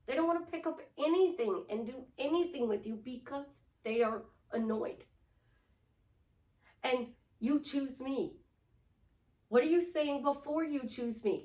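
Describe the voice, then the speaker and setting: Woman life coach, fairly high voice, emphatic and repetitive delivery, recorded off-mic in a roomy space. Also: slow pace, a little mellow, distant mic. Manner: emphatic, repetitive, drops to a whisper for demonstrations. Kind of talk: motivational coaching talk.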